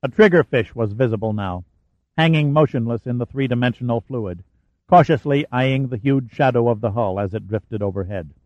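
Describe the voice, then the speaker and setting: A man narrating an audiobook in a steady, measured way. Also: mid-range voice, no echo, lo-fi sound. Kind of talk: scripted narration.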